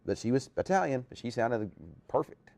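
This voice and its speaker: A man's voice: medium pitch, lively intonation, normal speed, vocal fry, darkish tone. A man hosting a casual live chat show, talking in a rambling way with lots of restarts.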